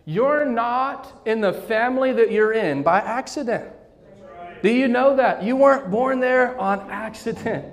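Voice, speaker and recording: A man's voice: extremely high pitch, a little slow. A man preaching a sermon as pastor, calling on the congregation to repeat phrases back to him. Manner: call-and-response preaching, asks congregation to repeat. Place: church sanctuary. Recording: church hall reverb.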